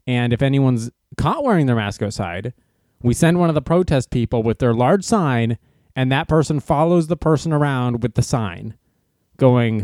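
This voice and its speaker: A man giving casual opinion commentary in an animated, sarcastic way, laughing at his own jokes. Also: fairly high pitch, unhurried, dry recording, clean studio sound. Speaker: commentary host.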